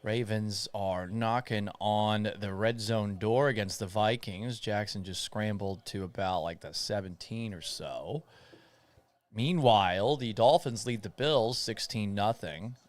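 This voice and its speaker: A man's voice: fairly low pitch, measured pace. Man rambling through live game commentary. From Florida. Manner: rambling, reads viewer chat, play-by-play asides. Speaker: sports talk host. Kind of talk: casual live watch-party commentary.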